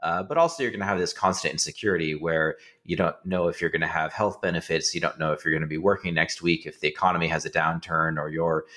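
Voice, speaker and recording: Deep-voiced older man, hesitant interviewer. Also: a bit bright. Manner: hesitant, many fillers, musing. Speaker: interviewer, college professor. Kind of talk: conversational interview.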